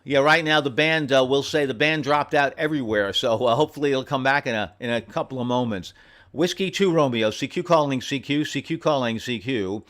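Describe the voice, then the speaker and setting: A man's voice: mid-range voice, fairly bright tone. Friendly man calling out radio call signs. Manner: friendly, repeats call signs slowly and carefully. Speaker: amateur radio operator running a special event station. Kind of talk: on-air radio contacts, reading call signs. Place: home radio station.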